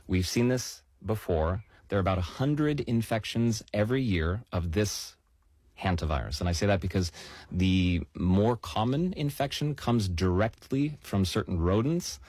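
A man with a very low, husky voice walks through the facts in a measured, explanatory way. He leans on key words for emphasis. The sound is dry and close. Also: a little mellow, no room sound. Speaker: news explainer guest. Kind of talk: explanatory talk-show chat.

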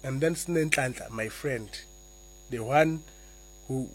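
Picture a man with a husky, breathy voice, reading from his memoir in a soft, measured way. He pauses between phrases and settles at an ordinary middle pitch. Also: poor audio. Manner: soft-spoken, slow and deliberate when reading. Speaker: author and guest. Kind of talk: interview answers and reading aloud from his memoir.

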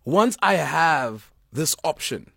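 A man co-hosting a radio talk show, joking and animated, mixing in local words. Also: on the high side, takes it slowly, gravelly, husky, dry recording, studio quality. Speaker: radio co-host. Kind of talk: casual chat.

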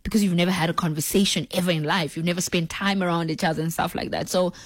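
A woman's voice: fairly low pitch, fast, no room sound. Woman host, chatty and laughing a lot, mid voice, dry close sound. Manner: lively, laughing, acts out family scenes. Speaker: radio talk show host. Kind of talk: casual on-air chat, reading listener messages.

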